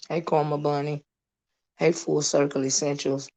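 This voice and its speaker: A hoarse woman, hosting a casual livestream, greeting viewers and chatting with many fillers and asides. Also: low-pitched, level tone, takes it slowly, a little mellow. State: hoarse, lost her voice. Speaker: livestream host.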